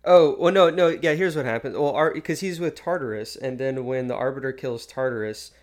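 A man joins a relaxed podcast conversation and thinks out loud as he goes. His voice sits at an ordinary middle pitch. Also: fairly quick. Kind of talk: casual chat.

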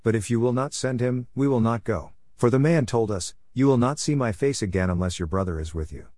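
A man reading scripture aloud in a steady, measured way, lifting his voice a little for quoted speech. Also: mid-range voice. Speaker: Bible reader.

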